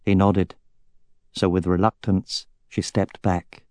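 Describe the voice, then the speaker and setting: A man narrating an audiobook in an even, measured reading. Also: low voice, dry recording.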